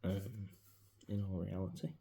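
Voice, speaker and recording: A man, talking casually and reflectively into his phone in a personal vlog, his voice often dropping to a soft mutter. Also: deep voice, little pitch movement, unhurried, vocal fry. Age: 40s. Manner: rambling, reflective, grieving, drops into soft mutters. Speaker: vlogger. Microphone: mobile phone.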